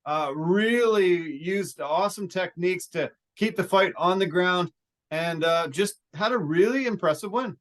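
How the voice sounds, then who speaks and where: A man co-hosting a sports podcast in casual chat, animated and laughing, mimicking fighters as he talks. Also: sits high, unhurried.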